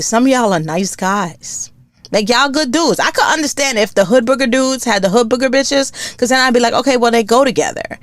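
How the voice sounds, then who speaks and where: An older woman hosts a podcast, her voice a little high on a dry recording. She delivers a casual comedic rant that's blunt, profane, lively and animated.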